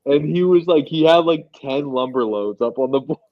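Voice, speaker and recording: A man's voice: a little high, animated, moderate pace, dry recording, dull audio. A man telling a loose, rambling anecdote with slang in casual podcast chat.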